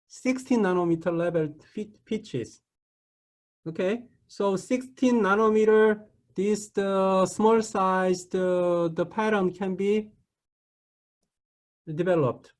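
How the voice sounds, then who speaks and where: Halting, high-voiced male lecturer. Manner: halting, many restarts and repeated "okay". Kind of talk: classroom lecture.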